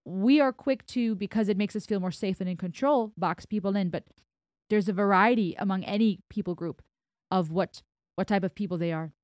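A woman's voice: mid-range voice, brisk, darkish tone, dry recording, studio quality. Reflective American-accented woman reacting to music. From Germany. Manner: reflective, explaining at length. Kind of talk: reaction commentary.

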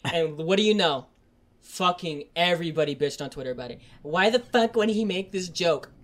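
A man's voice: lively intonation, moderate pace. Young man ranting on a podcast. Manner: swears constantly, rants and gets loud and high when heated. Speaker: podcast host. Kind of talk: casual podcast chat.

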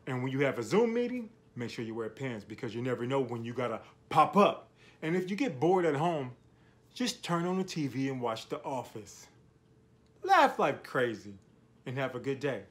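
A man's voice: mid-range voice, sing-song, moderate pace. A man recording a friendly video message, running through a list of safety tips in an upbeat way. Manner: upbeat, list-like advice delivery.

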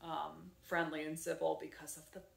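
A woman vlogger casually retelling her day at home, rambling and animated with lots of fillers. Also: sits low, moderate pace, creaky. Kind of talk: casual storytelling vlog. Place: her apartment. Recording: echoey room.

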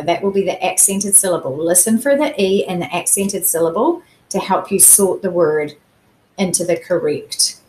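A woman teacher giving a recorded phonics lesson to children, sounding out vowel sounds slowly and carefully. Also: medium pitch, darkish tone. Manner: slow, careful enunciation of sounds. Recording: echoey room.

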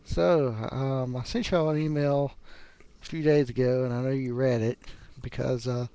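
A man in his thirties with a Southern US accent, talking casually to the camera in a halting way, with lots of pauses and fillers. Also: mid-range voice, clean tone, no echo. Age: 30s. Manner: relaxed, halting, many fillers. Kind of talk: casual video message.

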